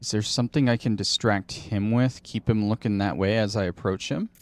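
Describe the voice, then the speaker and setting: A man's voice: lowish voice, steady tone, brisk. A man hosting a gaming channel, thinking aloud and muttering to himself in casual commentary while he plays.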